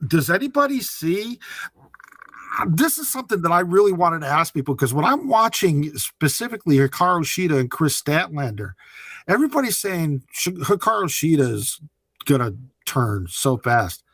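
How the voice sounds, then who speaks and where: An animated man hosting a casual round-table chat, his voice a touch higher than most men's. He jokes and laughs often. The sound is close and dry, with almost no room echo. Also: moderate pace. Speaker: podcast host.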